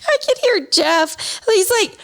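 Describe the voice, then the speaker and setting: A young woman co-hosting a casual chat show, telling animated stories, laughing often and acting out what people said. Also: extremely high pitch, slow pace, vocal fry. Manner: animated storyteller, laughs often, acts out quotes. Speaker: podcast co-host.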